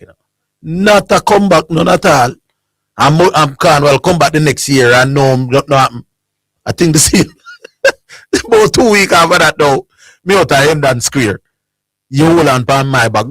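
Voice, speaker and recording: A man with a Jamaican accent hosting a sports call-in radio show, telling an animated anecdote in creole and chuckling often. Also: fairly high pitch, slightly rough, no room sound. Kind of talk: casual storytelling on call-in radio.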